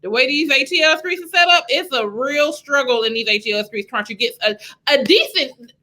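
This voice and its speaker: A woman's voice: high voice, lively intonation, pushed and bright. A woman hosting a podcast, chatting casually and teasing her guest. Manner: teasing, quick reactions, calls people baby. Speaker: podcast host. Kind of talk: casual chat.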